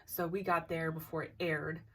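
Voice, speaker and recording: A woman's voice: deep voice, little pitch movement, moderate pace, breathy edge, distant mic. A young woman casually telling a ghost story, hesitant, with many restarts and dips into near-whispers.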